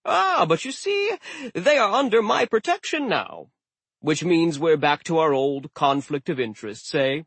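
A jovial sea god with a lifted, bright voice, breezy and friendly, as a narrator puts him on. He sounds grandfatherly and cheerful, with a slightly husky edge. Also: on the high side, very animated, unhurried, no room sound, voice pushed up, exaggerated voice.

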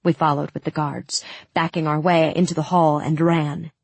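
A woman narrating a fantasy audiobook in the first person, with steady, dramatic storytelling on a close studio mic. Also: low voice, normal speed, gravelly, breathy edge, no echo.

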